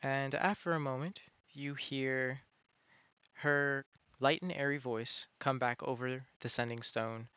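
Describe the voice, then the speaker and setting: A man running a tabletop game as game master, playful and animated as he narrates. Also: mid-range voice, takes it slowly, clean tone, no room sound, dull audio. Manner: playful, animated, easily laughing.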